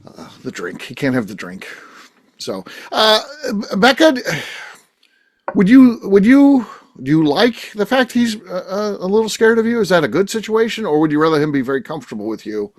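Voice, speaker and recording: A man's voice: high-pitched, very animated, moderate pace. A man hosting a casual talk show, chatty and teasing, often trailing off into fillers. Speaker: podcast host. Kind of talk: casual chat.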